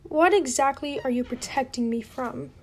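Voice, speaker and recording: A woman's voice: sits high, normal speed. A woman reading a storybook aloud and voicing a blunt, suspicious teenage boy. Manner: blunt, slightly sarcastic.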